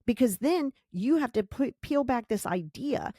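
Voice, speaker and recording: A woman's voice: fairly high pitch, animated, measured pace, dark tone, no room sound. Woman, podcast host, motivational monologue, blunt, emphatic, repetitive, dry close sound. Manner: blunt, emphatic, repeats key phrases.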